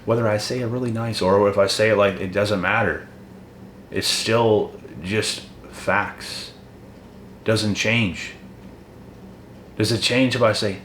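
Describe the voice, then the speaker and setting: Deep-voiced man ranting bluntly in an echoey room. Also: fairly even intonation, a little slow, a bit bright. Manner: blunt, profane, confrontational. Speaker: motivational channel host. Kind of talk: ranting motivational monologue. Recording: echoey room with faint noise.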